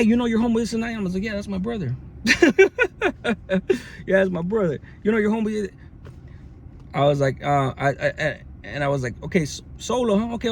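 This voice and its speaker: Guy telling a jail story, lots of um and uh, street slang, higher voice, bit of noise behind. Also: darkish tone. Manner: slangy, lots of fillers and restarts. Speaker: storyteller recounting jail experience. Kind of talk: casual storytelling. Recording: faint background noise.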